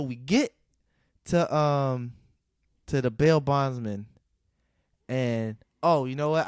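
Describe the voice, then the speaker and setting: A man co-hosts a casual podcast, recapping a movie scene by scene, acting out the characters' lines and laughing often. His voice is medium-pitched with a clean tone, recorded dry at studio quality.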